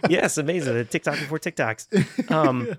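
A man's voice: a little high, expressive, normal speed, husky, no room sound, clean studio sound. A man co-hosting a casual podcast, rambling through a film review, laughing often and swearing freely. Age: adult with children. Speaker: podcast co-host.

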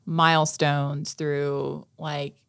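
Low-voiced woman chatting animatedly. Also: very slow, creaky, smooth. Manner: animated storyteller, swears casually, acts out quoted exchanges. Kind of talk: casual chat.

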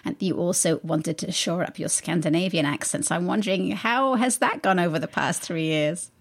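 A woman's voice: on the low side, normal speed. A woman hosting an interview, asking curious, conversational questions. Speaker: podcast host.

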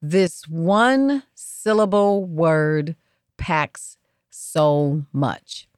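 A woman hosting an inspirational podcast, speaking slowly and repeating words for emphasis. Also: deep voice, darkish tone, clear, resonant tone. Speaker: podcast host.

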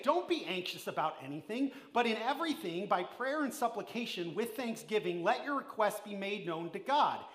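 A man preaches a sermon in a high, bright voice that rings through an echoey church hall. He swings between loud, emphatic lines and hushed ones, putting questions straight to his listeners. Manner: addresses the listeners directly with questions. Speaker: pastor.

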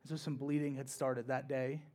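A male pastor preaching in church, telling a personal story in a conversational way that swings from hushed to loud and emphatic. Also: medium pitch, level tone, moderate pace. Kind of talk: sermon told as a personal story.

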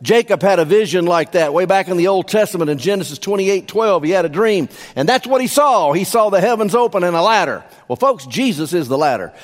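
A man's voice: high-pitched, expressive, brisk, hardly any pauses. A man preaching a sermon as pastor, emphatic, repeating key phrases for stress. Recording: long hall reverb.

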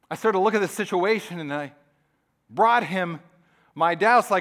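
A male pastor with a high voice delivering a sermon. He tells stories with animated energy, then drops to soft, hushed asides. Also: a little slow, pauses often.

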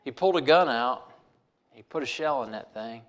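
A man's voice: medium pitch, expressive, moderate pace, fairly bright tone. A man telling a personal story in a folksy way, repeating phrases for emphasis.

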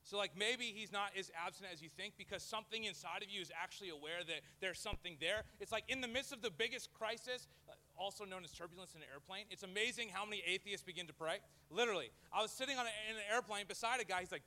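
Lively, bright-voiced male pastor preaching. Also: high voice, fast talker. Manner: lively and jokey, acts out quoted voices. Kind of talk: sermon. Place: church before a live audience.

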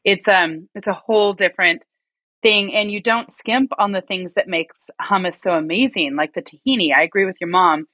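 Bright upbeat woman from oregon hosting, gushes a lot, dry close sound. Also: mid-range voice, moderate pace, no echo. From rural Oregon. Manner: enthusiastic, effusive, frequent laughs. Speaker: interview host. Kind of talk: conversational interview.

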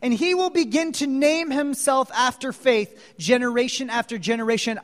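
Barely pausing, a man with a very high voice preaches at normal speed, telling a dramatic story. He goes from hushed asides to loud exclamations and asks his listeners questions in a hall full of long reverb.

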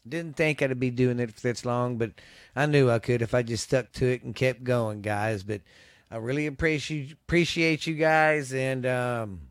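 A man with a Southern US accent, rambling excitedly through a casual podcast sign-off, with hiccups. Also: medium pitch, normal speed, dry recording, studio quality. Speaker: podcast host.

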